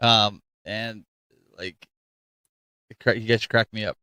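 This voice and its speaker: Rambling, animated man hosting a podcast. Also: lowish voice, takes it slowly, clean tone, no echo. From Ohio. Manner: rambling, animated, restarts often. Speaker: podcast host. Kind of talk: casual panel chat.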